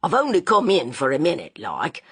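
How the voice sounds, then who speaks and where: A sheepish, good-natured young detective, as the narrator plays him, talking slowly in a plain working-class way. The voice is husky and breathy, recorded close and dry. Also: mid-range voice, wildly swooping pitch, fairly bright tone, dry recording, exaggerated voice. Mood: earnest. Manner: slow, earnest, working-class speech.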